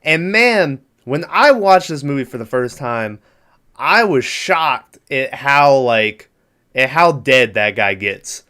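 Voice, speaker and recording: A man's voice: mid-range voice, animated, takes it slowly, pushed and bright, clean tone. A man co-hosting a casual movie podcast, recapping scenes in a laid-back, profane way and laughing often. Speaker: podcast co-host.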